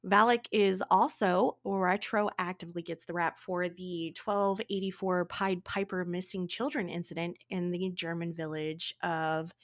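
Animated, playful woman podcast host. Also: lowish voice. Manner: animated and playful, with dramatic asides. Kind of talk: casual chat.

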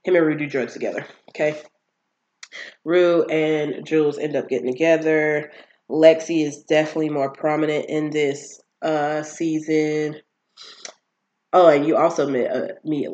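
A person casually recapping a TV series on their own channel, animated and exasperated, with emphatic asides and quick impressions of the characters. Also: medium pitch, muffled recording. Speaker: TV show recapper.

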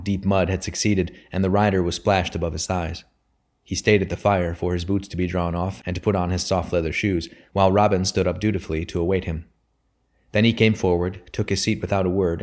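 Deep voiced man reading an audiobook, low and measured, calm storytelling. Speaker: audiobook reader. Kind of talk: scripted audiobook narration.

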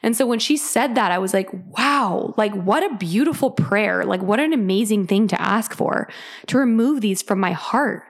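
A woman's voice: mid-range voice, moderate pace. A young woman casually telling a personal story on a podcast, chatty and full of fillers. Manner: chatty, many "like" fillers, animated retelling. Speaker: podcast host sharing her story.

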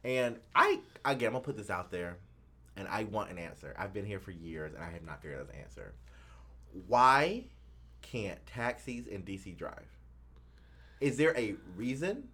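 Male co-host, bright husky voice, playful teasing delivery. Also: on the low side, moderate pace. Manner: playful and teasing, with lively swings. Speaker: podcast co-host. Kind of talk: casual chat.

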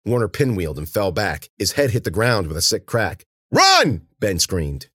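A man voicing a brave young man yelling in danger. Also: low voice, expressive, moderate pace, husky, no room sound, clean studio sound. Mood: urgent.

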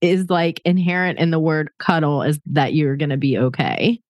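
A woman's voice: deep voice, fairly even intonation, moderate pace, a little mellow, no echo, studio quality. A woman in her forties hosting a podcast, chatting playfully with her sister and laughing often. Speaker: podcast host. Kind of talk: casual chat between sisters.

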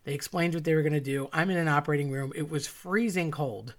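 A woman's voice: deep voice, fast talker. A woman telling a personal story with wry, self-mocking asides. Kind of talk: personal story told to an audience.

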